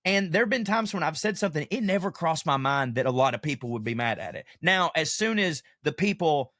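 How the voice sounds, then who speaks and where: A man hosts a casual podcast monologue in a slightly high voice. He rants with animated energy and swears freely, tossing in comic asides. The recording is close and dry, with no room sound. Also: fairly quick, no echo. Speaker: podcast host, comedian.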